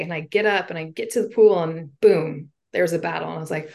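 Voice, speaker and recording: A woman with a somewhat low voice tells her faith story as an interview guest. She speaks earnestly and from the heart, in a loose conversational way with the odd "um" and "like". Her testimony is personal and sincere. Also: steady tone, moderate pace, creaky. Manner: earnest and heartfelt, with casual fillers.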